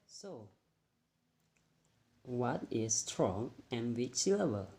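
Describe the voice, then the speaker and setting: A young man whose first language is Indonesian talks through a classroom-style explanation. He speaks very slowly, with a mellow, dark tone. He pauses often and repeats his words. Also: mid-range voice, sing-song. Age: young adult. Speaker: student presenter.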